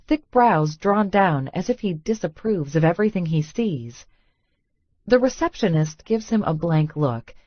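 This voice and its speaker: A woman narrating a first-person romance audiobook with a wry, expressive inner monologue. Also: lowish voice, no echo, lo-fi sound.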